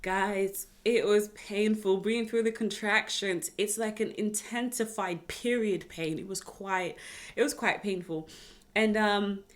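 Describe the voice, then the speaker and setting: A woman's voice: mid-range voice, a little slow. Chatty young British woman telling a story. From United Kingdom. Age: 20s. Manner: chatty, expressive, speaks straight to viewers. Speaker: vlogger. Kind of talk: personal storytelling vlog.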